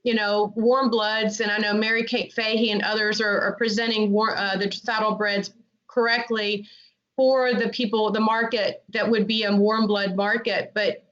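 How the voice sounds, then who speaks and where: A woman's voice: medium pitch, flat delivery, moderate pace, a bit bright. A woman talking earnestly and at length as a guest in a casual podcast interview, often restarting her sentences. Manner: earnest, chatty, many restarts. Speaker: interview guest, amateur dressage rider. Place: North Carolina resident. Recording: dull lo-fi podcast audio.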